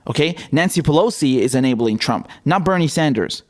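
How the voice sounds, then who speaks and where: A man's voice: a little high, lively intonation, brisk. A male host giving casual political commentary in a blunt, indignant way, with some swearing.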